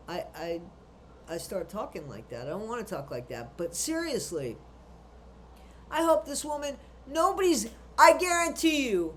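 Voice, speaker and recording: A woman giving blunt, indignant true crime commentary, swearing freely as she rants. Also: fairly high pitch. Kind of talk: ranting commentary.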